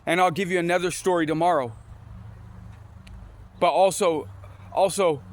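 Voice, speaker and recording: At a moderate pace, a man whose voice sits high and steady tells motivational stories, recorded with no room sound. He speaks casually, rambling and restarting frequently while quoting scripture.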